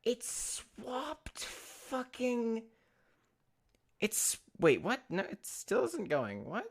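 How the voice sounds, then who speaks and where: A woman talks over a video game in an unhurried drawl, cursing freely. She rambles and restarts her sentences as she goes. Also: fairly high pitch, wildly swooping pitch, slightly rough. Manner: swears a lot, rambling and self-interrupting. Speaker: streamer playing a game. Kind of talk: casual gameplay commentary.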